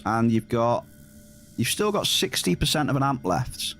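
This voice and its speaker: A man's voice: mid-range voice, very animated, moderate pace. A man with an English accent chatting casually with his live-stream viewers, reading their messages aloud and cheering at big hits. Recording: game music behind.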